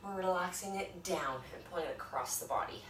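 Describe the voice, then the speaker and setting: A fitness instructor runs a home workout, talking and encouraging viewers between breaths while a phone records her from a distance. Her voice sits on the low side, moves a little fast and has a fairly bright tone. The room echoes, the phone mic is far off, and there's noise in the background.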